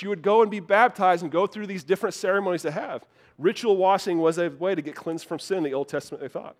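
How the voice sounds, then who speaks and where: A man with a high, light voice preaching a sermon. He tells stories with animated energy, rises loud for punchlines and drops low to repeat his main points for emphasis. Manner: animated storytelling, repeats key lines for emphasis. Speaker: pastor.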